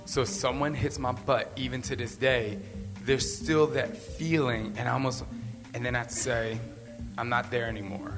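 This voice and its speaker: A man speaking at an ordinary pitch, earnest and rambling as he offers candid encouragement. His voice rings with a long hall reverb, and clear music plays underneath. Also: steady tone, normal speed. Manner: earnest, rambling, repeats phrases for emphasis. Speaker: podcast host. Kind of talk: candid motivational talk.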